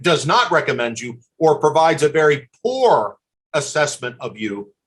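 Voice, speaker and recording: Older American man, slightly high voice, earnest, repetitive speaker in a webinar. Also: big pitch swings, unhurried. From USA. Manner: earnest advice with frequent restarts and repeated words. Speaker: admissions consultant giving a webinar. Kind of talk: live webinar talk.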